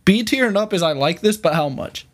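A young man co-hosting a casual podcast, jumping in with quick, teasing remarks. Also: sits high, expressive. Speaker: podcast co-host. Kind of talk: casual chat.

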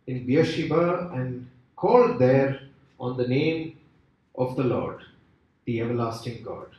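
A man preaching a sermon with an expressive, rising and falling delivery and many rhetorical questions. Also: medium pitch. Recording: echoey hall from far off.

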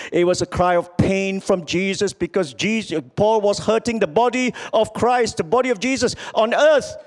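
A man preaching a sermon as pastor, swinging from loud calls to quiet, low lines.

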